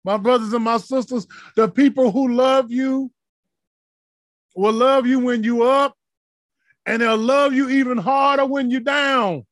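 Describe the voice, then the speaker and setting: A man preaching a sermon in a passionate, rhythmic style, building to shouted peaks and dropping to soft asides. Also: very high-pitched, fairly even intonation, unhurried, dry recording.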